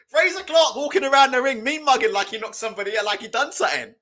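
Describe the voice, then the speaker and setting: A man's voice: very high-pitched, fast talker, sharp tone. A man hosting a live boxing watch-along, commentating in a casual, mocking, profane way. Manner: mocking, laughing, loose and profane.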